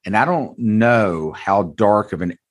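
Low raspy guy in his 40s, blunt and earnest, talks like he's chatting with a buddy. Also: animated, slow. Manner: earnest, blunt, folksy, calls host brother. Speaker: car dealership owner, interview guest. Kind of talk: candid conversational storytelling.

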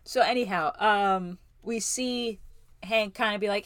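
A woman's voice: mid-range voice, measured pace, a bit bright, dry recording. Hesitant, rambling woman co-host. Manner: rambling, hesitant, laughs easily. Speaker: podcast co-host. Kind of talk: casual chat.

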